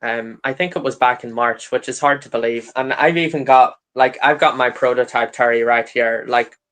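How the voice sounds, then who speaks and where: A male guest on a casual online chat talks in an easygoing way, pausing now and then. His voice sits at an ordinary middle pitch. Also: fairly even intonation, fairly bright tone.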